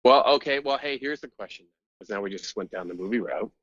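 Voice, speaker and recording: A man's voice: lowish voice, expressive, quick pace, a bit bright, lo-fi sound. A man hosting a podcast in casual chat, asking questions and laughing often. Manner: laughs a lot, asks questions. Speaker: podcast host.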